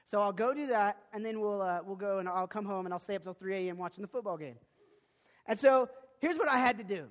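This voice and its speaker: A young male preacher with a high voice, telling a story from the pulpit. He is animated, stumbles over restarts and breaks into sudden loud bursts. His voice rings with the long echo of a big hall. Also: brisk. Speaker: pastor. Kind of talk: sermon with personal storytelling. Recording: long reverb of a large hall.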